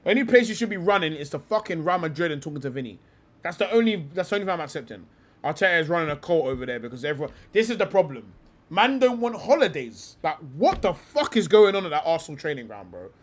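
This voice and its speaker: A young man rants through a livestream, swearing and using heavy slang. His voice sits high for a man. It swings all over the place in pitch. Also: fast. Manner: animated and profane, heavy slang. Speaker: livestream host. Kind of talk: profane livestream rant.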